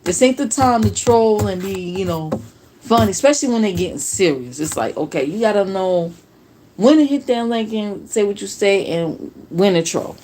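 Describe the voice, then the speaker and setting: A woman's voice: medium pitch, expressive, moderate pace, dark tone, a little hiss or hum. A woman from New Jersey hosting a casual reaction livestream, talking to viewers in a sarcastic, profane way.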